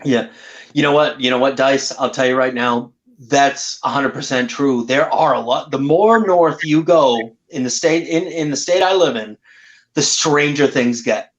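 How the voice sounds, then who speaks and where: A man's voice: mid-range voice, a little slow. A man co-hosting a podcast, chatting casually and rambling with asides. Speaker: podcast co-host. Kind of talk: casual chat. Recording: muffled lo-fi audio.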